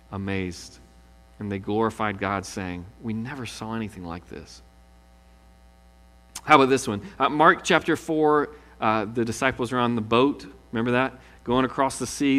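A man's voice: mid-range voice, fairly bright tone, long reverb tail. A male pastor preaching a sermon, telling stories with animation and acting out the quoted lines.

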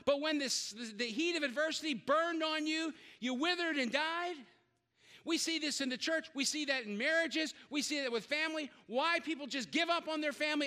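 A middle-aged man preaches to his congregation with an unusually high, bright voice. He is animated, shouting repeated calls to the crowd between joking asides. His voice rings out with a long reverb through a large church hall. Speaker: guest preacher. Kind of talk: sermon.

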